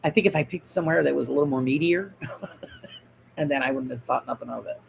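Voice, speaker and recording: A woman's voice: very deep voice, quick pace, creaky, slight background noise, rough recording. A woman hosting a casual miniature-crafting stream, chatting in a rambling way and answering viewer comments as she builds. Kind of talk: casual craft livestream chat.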